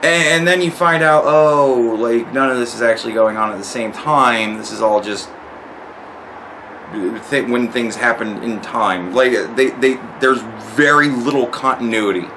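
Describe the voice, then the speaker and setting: A man's voice: medium pitch, moderate pace, background noise. A man giving a casual spoken review of a TV series, rambling and swearing a lot, often restarting his sentences. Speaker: show reviewer.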